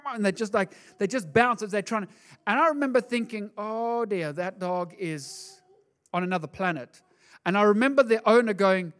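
Animated high-voiced male pastor. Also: moderate pace. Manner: animated, acts out quoted voices, conversational. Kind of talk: sermon.

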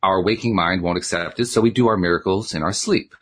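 A man's voice: deep voice, brisk. A man casually reading a novel aloud, breaking in with chatty, joking asides. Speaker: audiobook reader.

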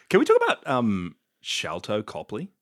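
A man co-hosting a podcast, excited and laughing easily in casual chat. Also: medium pitch, slow, no echo, clean studio sound. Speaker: podcast co-host.

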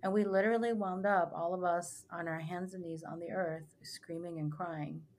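A woman's voice: fairly low pitch, steady tone, normal speed, darkish tone, a little hiss or hum. A young adult woman, a spiritual retreat guide, telling stories earnestly in a casual podcast talk with many fillers. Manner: earnest, rambling, filler-heavy storytelling.

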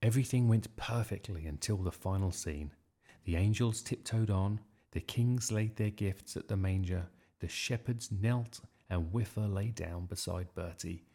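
A man reading a children's story aloud in a lively, expressive way. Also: deep voice, a little slow. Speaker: storybook reader.

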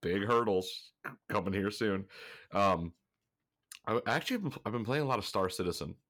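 Man, very deep voice, congested, rambling casual podcast chat, swears a lot. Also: expressive, moderate pace, a bit bright. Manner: rambling, swears freely, laughs often. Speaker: podcast co-host.

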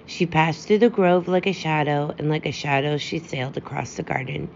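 A woman narrates a fairy tale in a steady, gentle way, her voice low for a woman. The recording is dull and lo-fi, with a faint hiss underneath. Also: normal speed. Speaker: audiobook reader.

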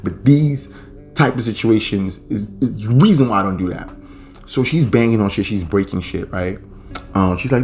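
A man's voice: on the low side, normal speed, darkish tone, soft background music. A young man hosting a podcast, telling a story in a laid-back, profane, rambling way. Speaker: podcast host. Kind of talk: casual storytelling.

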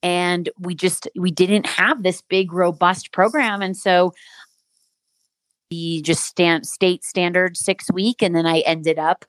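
A woman's voice: on the low side, steady tone, slow, no room sound. A woman co-hosting a podcast, telling her own story in a candid, reflective way. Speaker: podcast co-host. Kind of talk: casual podcast chat.

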